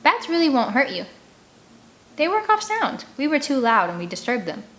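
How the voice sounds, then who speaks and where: Brief: calm curious know-it-all boy, as a woman reader puts him on, matter-of-fact, storybook read-aloud. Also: high-pitched, moderate pace, pitched above the performer's own voice.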